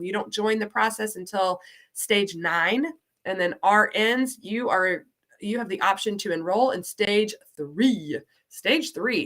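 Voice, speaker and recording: Woman, light Southern American accent, bright clear tone, chatty exclamatory teacher, online class talk. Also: mid-range voice. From Southern United States. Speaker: ESL program coordinator.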